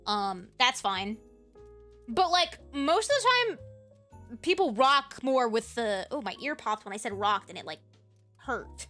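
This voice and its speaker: A woman's voice: fairly high pitch, slow, soft background music. Projecting streamer woman, sore throat. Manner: projects from the diaphragm with lively inflection. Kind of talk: casual chat with viewers.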